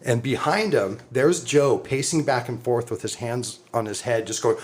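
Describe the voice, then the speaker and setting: Animated, swearing storyteller man. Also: mid-range voice, normal speed, hardly any pauses, crowd noise. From Southern California. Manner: animated, laughs often, swears freely. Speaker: podcast co-host. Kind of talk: casual storytelling.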